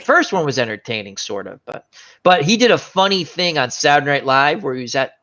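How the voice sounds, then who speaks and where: A man hosting a casual chat show, talking about movies with animated retellings. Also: fairly high pitch, brisk, dull audio. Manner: animated, acts out movie scenes in voices. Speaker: show host.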